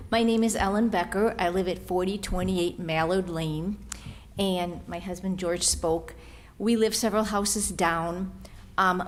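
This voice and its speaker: Firm lower-voiced woman at a meeting. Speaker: resident and teacher speaking at public comment. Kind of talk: public comment at a village meeting.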